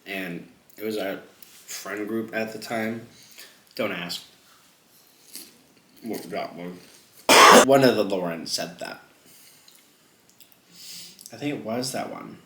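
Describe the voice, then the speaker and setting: Young man, low voice, bright tone, rambling mukbang chat, lots of fillers. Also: a little slow, pauses often, slight background noise. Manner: rambling, jumps between topics, heavy filler words. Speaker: mukbang vlogger. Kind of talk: casual rambling chat while eating. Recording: echoey room.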